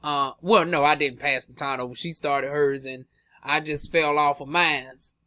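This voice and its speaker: Man, young adult, sassy flamboyant gossip vlogger, high voice, dry close sound. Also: steady tone, normal speed, sharp tone, no room sound. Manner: sassy and flamboyant, full of "honey" and drawled asides. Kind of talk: casual gossip commentary.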